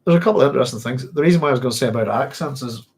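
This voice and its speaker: Chatty Northern Irish man, husky voice. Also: mid-range voice, racing. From Northern Ireland. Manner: rambling, chatty, many fillers and self-corrections. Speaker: book club host. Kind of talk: casual livestream book discussion.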